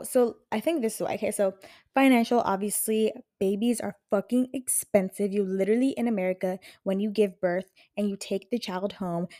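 A woman's voice: medium pitch, mellow, no room sound, clean studio sound. A young woman hosting a podcast in casual chat, rambling, frank and profane. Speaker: podcast host.

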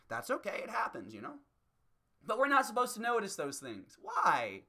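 Sharp-voiced man in a profane comedy rant. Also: extremely high pitch, huge pitch swings, normal speed, gravelly. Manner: profane, heated, ranting. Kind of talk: stand-up rant.

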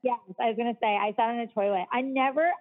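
A chatty woman with a fairly high voice tells a long personal story in casual conversation. She leans heavily on "like" and laughs easily. Her voice comes through thin and tinny, as if over a phone line. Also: fairly even intonation, fast. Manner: chatty, heavy use of "like" fillers, laughs often.

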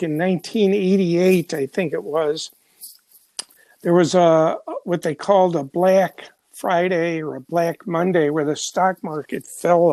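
A man's voice: high-pitched, no echo. An older man from Chicago, a journalist telling stories in an interview, rambling with many fillers and restarts. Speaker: journalist guest. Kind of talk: conversational storytelling.

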